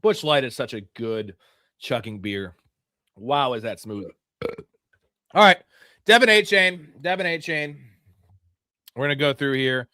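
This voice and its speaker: Young male co-host, bright tense voice, crude rambling chat, dry close sound. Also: mid-range voice, unhurried, pauses often, no room sound. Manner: crude, rambling storyteller with many fillers. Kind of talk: casual live-stream chat.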